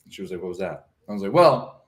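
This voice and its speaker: A man's voice: sits low, expressive, quick pace. A man co-hosting a casual morning chat, telling rambling, goofy stories. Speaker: co-host.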